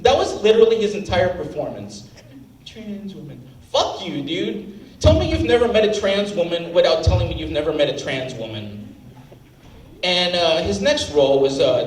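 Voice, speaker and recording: A man's voice: high voice, a little hiss or hum. A man doing standup, ranting with outrage and plenty of profanity. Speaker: standup comic. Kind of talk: standup set. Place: comedy club stage. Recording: roomy live venue, mic at a distance, faint ambience.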